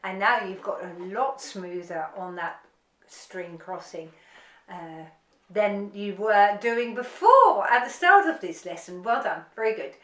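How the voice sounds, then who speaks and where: A woman's voice: medium pitch, expressive, measured pace, fairly bright tone, reverberant. A woman teaching an online violin lesson, giving encouraging step-by-step instructions.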